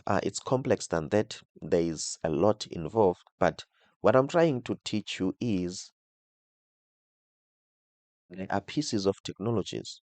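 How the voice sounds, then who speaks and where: Low-voiced man teaching code, "okay?" after every point. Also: a little mellow, no room sound. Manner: explains step by step, tags nearly every phrase with "okay?"; repeats and restarts words while thinking aloud. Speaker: coding instructor. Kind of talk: screen-recorded coding tutorial.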